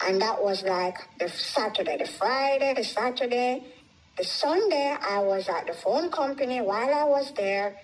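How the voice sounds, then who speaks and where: A woman telling an emotional personal story, her voice climbing high when she gets upset. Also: a little hiss or hum, rough recording. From United States.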